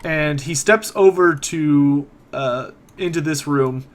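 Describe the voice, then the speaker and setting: Guy running a tabletop game, kinda high voice, easygoing. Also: slow pace. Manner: relaxed narration with fillers. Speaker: game master.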